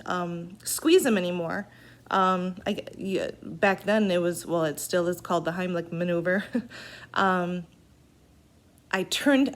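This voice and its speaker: A woman recounting a personal event in an unscripted way, halting and earnest, with pauses. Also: medium pitch, a bit bright.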